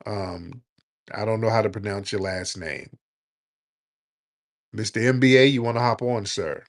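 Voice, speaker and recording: A man's voice: fairly low pitch, measured pace. A man hosting a late-night call-in audio chat, talking in a loose, joking, blunt and slangy way. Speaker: host of a live audio chat room.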